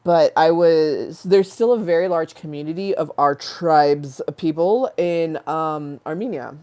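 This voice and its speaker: A woman from the United States hosting a casual livestream, hoarse after a flu, rambling and joking, swearing freely and drifting into tangents. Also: sits low, measured pace, dark tone. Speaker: livestream host.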